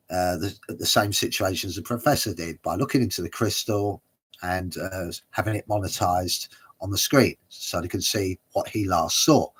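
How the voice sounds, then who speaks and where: A man chats through a watch-along stream in a low, husky voice. He rambles casually and hesitates often with uhs and little chuckles. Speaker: watch-along livestream host. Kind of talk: casual commentary.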